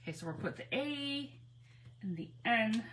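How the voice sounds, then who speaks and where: A woman hosting a casual crafting livestream on her phone, chatty and giggly, nervously excited as she talks to viewers. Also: a little high, moderate pace. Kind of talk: casual live crafting chat.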